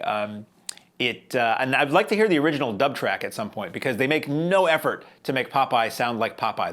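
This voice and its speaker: A male film show host reviews a movie in loose, casual talk. His voice sits at an ordinary middle pitch. He wanders and jokes wryly, with plenty of fillers along the way. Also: expressive, a little fast, a bit bright. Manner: chatty, wry, rambling with frequent fillers.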